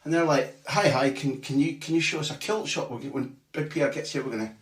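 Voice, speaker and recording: A man's voice: a little high, a little fast, recorded from a distance. A man, a football journalist, telling a story on a casual podcast, swearing freely, restarting his sentences and acting out what other people said. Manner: animated, swearing, restarts often, acts out quotes. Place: small bathroom at home, remote call. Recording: echoey small room, off-mic.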